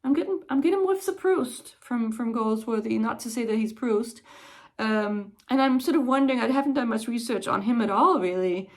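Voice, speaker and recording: A woman's voice: a little high, moderate pace. A woman chatting casually as a book vlogger, in a thoughtful, digressive way. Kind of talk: casual chat.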